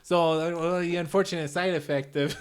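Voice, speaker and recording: Man putting on a chicago-accented male hero, gabby, pitched a bit high, podcast comedy. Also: steady tone, a little fast, smooth, close to an everyday voice. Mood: musing. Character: male hero who can undo things.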